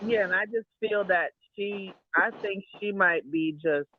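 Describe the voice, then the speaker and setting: A man's voice: high voice, unhurried. Caller, man, opinionated and repetitive; thin phone-line sound with light hiss. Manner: rambling, repeats himself, opinionated. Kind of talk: casual opinionated chat.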